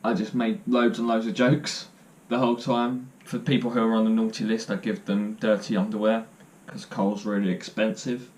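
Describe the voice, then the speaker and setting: A man's voice: fairly low pitch, flat delivery, normal speed, few pauses, darkish tone. A young man telling stories to camera in a casual vlog, joking and self-deprecating as he rambles. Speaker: vlogger.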